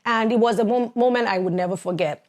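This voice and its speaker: A woman in her forties with a Nigerian accent, co-hosting a podcast and telling a personal story in a lively way, acting out the voices of others and laughing often. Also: on the high side, quick pace. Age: 40s. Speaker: podcast co-host.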